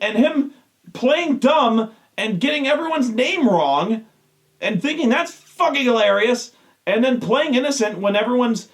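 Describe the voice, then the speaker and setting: A man hosting a show, ranting with exasperation and heavy swearing. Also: very high-pitched. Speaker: show host. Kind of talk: profane rant.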